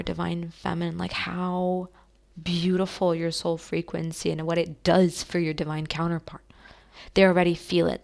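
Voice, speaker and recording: Woman psychic reader, lowish gravelly voice, soft and emotional, halting delivery. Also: level tone. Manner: soft, emotional, addresses listeners as beautiful souls; halting, many fillers and restarts. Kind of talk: channeled tarot reading.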